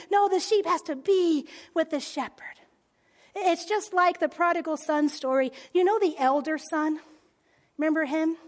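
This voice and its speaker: A woman giving a conversational sermon in an animated way, often dropping to a soft near-whisper. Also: high-pitched. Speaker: speaker.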